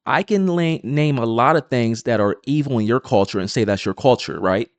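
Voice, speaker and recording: A man's voice: mid-range voice, moderate pace, no echo. A man giving combative, insistent reaction commentary on a clip.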